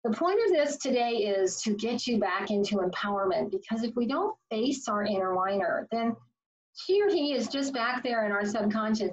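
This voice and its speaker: A woman life coach giving an upbeat, playful motivational talk to camera. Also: fairly high pitch. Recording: slightly distant, dull sound.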